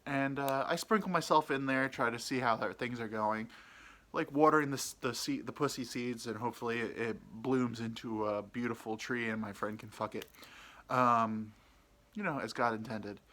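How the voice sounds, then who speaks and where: A man's voice: medium pitch, moderate pace, bright, forceful tone. A young man hosting a podcast, telling a crude, self-mocking story in a rambling way, with lots of ums and uhs. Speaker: podcast host. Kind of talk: casual storytelling.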